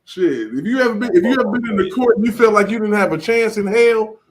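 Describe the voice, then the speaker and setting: Excitable profane man hosting. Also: high voice, fast. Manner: excitable, profane, laughing reactions. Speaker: podcast host and DJ. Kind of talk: casual reaction chat.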